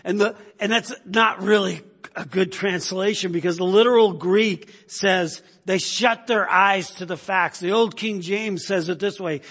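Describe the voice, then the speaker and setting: A man's voice: sits high, fairly even intonation, measured pace, a bit bright, breathy edge. A man preaching a sermon in an emphatic, conversational way, often checking in with the listeners. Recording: long hall reverb.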